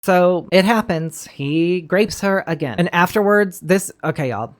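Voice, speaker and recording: A woman's voice: lowish voice, expressive, measured pace. A woman giving blunt, emotional commentary while recapping a true-crime episode, swearing freely. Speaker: commentary host. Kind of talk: casual reaction commentary.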